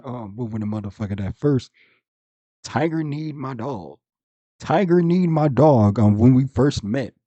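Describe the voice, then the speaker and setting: A man's voice: medium pitch, dark tone, dry recording. A man hosting a reaction video who comments casually and talks in a blunt, profane way.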